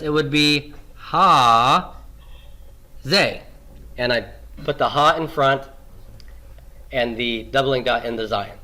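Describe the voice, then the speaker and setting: A man lectures on Hebrew grammar at an unhurried pace. His voice is bright and clear, and he poses questions before answering them himself. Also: a little high. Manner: asks questions and answers them himself, repeats key forms. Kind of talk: classroom lecture.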